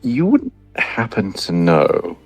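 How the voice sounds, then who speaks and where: A man playing a slow, flirtatious smooth-talking rogue. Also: sits low, huge pitch swings, faint music behind, exaggerated voice. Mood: conspiratorial.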